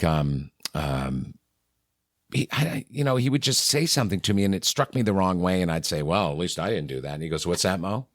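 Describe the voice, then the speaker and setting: A middle-aged New Englander who hosts a radio morning show appears as a podcast guest, trading candid anecdotes and performing the exchanges he quotes. His voice is low-pitched, recorded clean in a studio with no echo.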